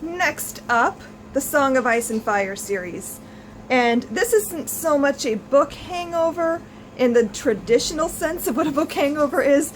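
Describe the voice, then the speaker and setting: A woman's voice: high-pitched, animated, unhurried, slight background noise, rough recording. A woman in her thirties chatting to camera as a book vlogger, gushing and effusive with many restarts. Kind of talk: casual chat to camera.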